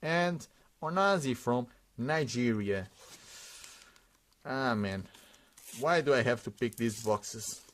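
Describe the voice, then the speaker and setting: A man's voice: medium pitch, animated, slow, pauses often, fairly bright tone, slight background noise. A man hosting a sticker unboxing, giving casual running commentary and reading out names one after another with frequent hesitations.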